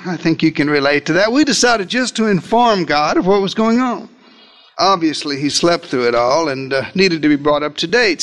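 A man preaching a dramatic sermon, telling the story in the first person with big swings in pitch and loudness.

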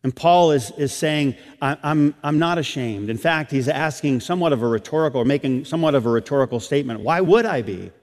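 Middle-aged preacher in a reverberant hall. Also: male voice, brisk, few pauses. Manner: preacherly, swells loud and high on key phrases, then drops soft. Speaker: pastor. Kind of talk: sermon.

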